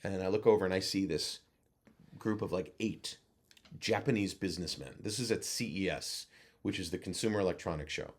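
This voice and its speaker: A man, a guest actor and voice-over coach, telling lively anecdotes in a casual interview over a video call. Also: low-pitched, a little fast. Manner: animated anecdote teller who acts out other voices.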